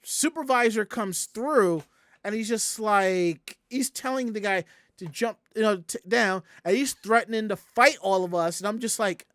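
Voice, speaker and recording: A high-voiced Southern US podcast host speaks at a measured pace while telling a long story on his casual show, animatedly acting out all the quoted voices. There's no room sound in the recording.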